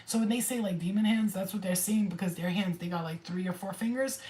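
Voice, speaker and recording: A woman chatting casually on a spiritual livestream, excitable and slangy, swearing freely. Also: medium pitch, a little fast, reverberant, poor audio.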